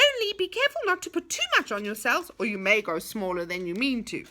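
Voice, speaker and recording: A woman plays a sly male goblin in a children's story, coaxing and confiding as he gives advice. He speaks with a lively, bright lilt. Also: a little high, quick pace, a little hiss or hum.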